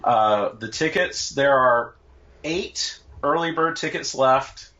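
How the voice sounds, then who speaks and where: A man speaking as a podcast guest, calmly explaining details at a medium pitch. The sound is dull and lo-fi, like call audio. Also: slow. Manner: plain, informative, explaining details. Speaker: guest, event organizer. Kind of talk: casual podcast chat.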